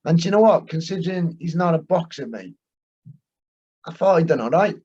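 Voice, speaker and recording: A man's voice: a little high, expressive, brisk, dark tone, husky. A man co-hosting a casual chat, brusque and sweary, with lots of short agreeing replies. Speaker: podcast co-host. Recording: dull lo-fi recording.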